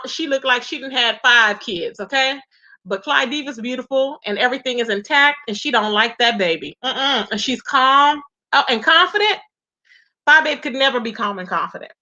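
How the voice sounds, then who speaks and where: Bright-voiced woman gossiping on a livestream. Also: sits high, dull audio. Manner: chatty, greets viewers by name, calls them "baby" and "y'all". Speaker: livestream commentary host. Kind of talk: casual livestream gossip commentary.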